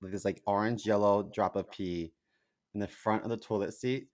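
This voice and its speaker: A man's voice: on the low side, steady tone, moderate pace. A man co-hosting a comedy podcast, talking in a sassy, flamboyant, gossipy way in casual chat. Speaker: podcast co-host.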